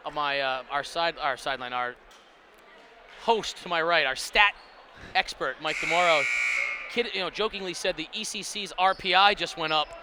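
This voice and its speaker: A man doing rambling, emphatic color commentary on a high school basketball game. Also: moderate pace, noisy background. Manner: rambling, many restarts and fillers, emphatic analysis.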